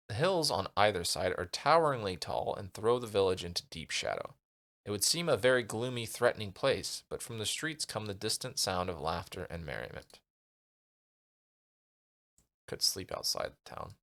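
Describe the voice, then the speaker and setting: A man's voice: fairly low pitch, gravelly, fairly bright tone. A male streamer reading a gamebook aloud and muttering asides to himself as he decides what to do. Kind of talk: casual narration while playing a gamebook.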